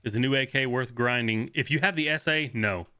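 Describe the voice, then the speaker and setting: A young man streaming a shooter game, talking fast and loose as he plays, swearing, laughing and answering chat. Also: mid-range voice, sharp tone. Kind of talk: live gameplay commentary.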